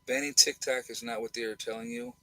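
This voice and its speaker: A man's voice: medium pitch, steady tone, quick pace, sharp tone, no room sound, low-quality recording. A middle-aged man from the United States co-hosting a livestream, talking bluntly and repeating his points for emphasis. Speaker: livestream co-host. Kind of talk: casual opinionated livestream chat.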